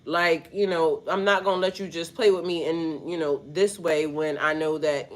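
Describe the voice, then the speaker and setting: A woman's voice: sits low, steady tone, normal speed. Woman spiritual coach, stuffy-nosed, loose and slangy, swears casually. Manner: rambling, slangy, swears freely. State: stuffy, snotty nose. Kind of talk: casual spiritual talk to viewers.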